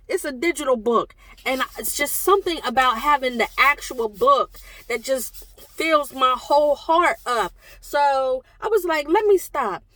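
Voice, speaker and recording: A young woman from Delaware chatting to camera as a book vlogger, animated and exclaiming as she tells a story. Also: sits high, no echo.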